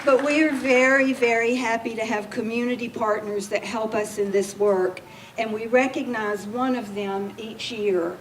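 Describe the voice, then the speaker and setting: A woman, speaking as an agency official at a public reception. She talks in a heartfelt, emotional way while presenting awards. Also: on the high side. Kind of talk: public speech at an event. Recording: distant mic with faint background noise.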